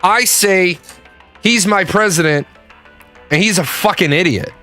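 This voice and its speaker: A man's voice: sits high, unhurried, bright, forceful tone, faint music behind. A man giving a blunt, profane political opinion rant in a casual, emphatic way. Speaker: political commentator.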